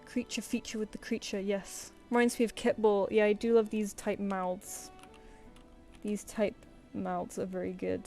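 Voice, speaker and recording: A woman's voice: medium pitch, flat delivery, a little slow, warm tone, faint music behind. A woman artist chatting casually on a live stream, rambling and self-deprecating, and talking to her pet between thoughts.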